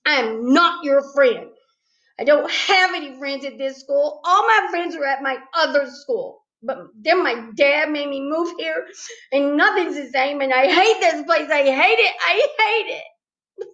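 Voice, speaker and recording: A woman voicing an upset, grumpy little schoolboy who shouts and sulks, on a slightly dull recording. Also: high-pitched, unhurried, pitched above the performer's own voice. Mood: angry. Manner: shouting, sulky.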